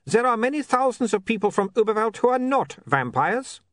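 A man's voice: sits high, very animated, brisk, fairly bright tone, no echo, studio quality, voice pushed up. A man reading an audiobook voices a formal, eager male vampire photographer with stiff, foreign-sounding phrasing. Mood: indignant.

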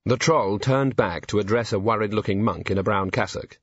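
A man with a husky voice giving scripted audiobook narration in a dry, measured manner. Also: on the low side, fairly bright tone, no echo, highs cut off.

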